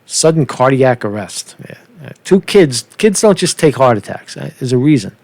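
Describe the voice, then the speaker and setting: A man's voice: medium pitch, very animated, moderate pace, gravelly, a little mellow, dry recording. A man hosting a casual livestream, rambling and sarcastic, with lots of cursing. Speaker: channel host.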